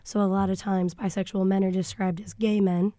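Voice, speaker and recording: A woman's voice: mid-range voice, level tone, brisk, mellow, dry recording. Frank, snarky young woman. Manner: frank and snarky, thinks aloud with fillers. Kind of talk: casual podcast discussion. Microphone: studio microphone.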